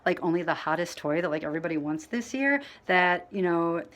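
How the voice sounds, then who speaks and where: A woman vlogging casually to camera, telling a rambling story full of fillers and restarts, mostly quiet and low, getting louder when she acts out what people said. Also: animated, a little fast. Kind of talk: casual storytelling to camera while dyeing her hair.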